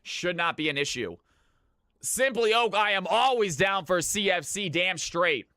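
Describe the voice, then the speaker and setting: Male esports shoutcaster and stream host, upbeat announcer energy, bright higher voice, dry close sound. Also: lively intonation, unhurried, dry recording. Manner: hype announcer, greets chat viewers by name. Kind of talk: live esports commentary.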